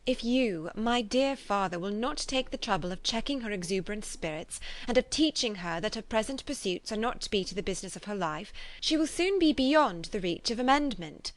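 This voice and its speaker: A woman's voice: medium pitch, animated, fairly quick, hardly any pauses, natural voice. A woman reading an audiobook, voicing a sensible young woman who pleads earnestly and insistently.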